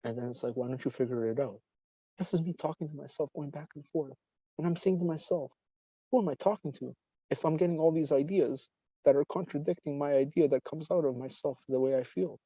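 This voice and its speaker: A man's voice: on the high side, mellow, no room sound, rough recording. A man in casual podcast chat, telling a rambling, profane story and acting out the voices in it. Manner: profane, rambling, laughs often, acts out voices in his story.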